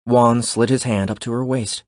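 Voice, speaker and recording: A man narrating an audiobook in a steady, measured way. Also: medium pitch, no room sound, clean studio sound.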